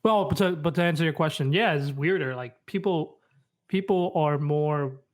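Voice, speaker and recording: Higher-voiced New man. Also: normal speed. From New York. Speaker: podcast co-host. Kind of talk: casual chat.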